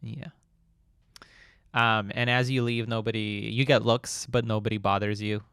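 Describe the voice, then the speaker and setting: A man running a tabletop game as game master, narrating in a relaxed way with many fillers. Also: lowish voice, measured pace, smooth, dry recording, clean studio sound.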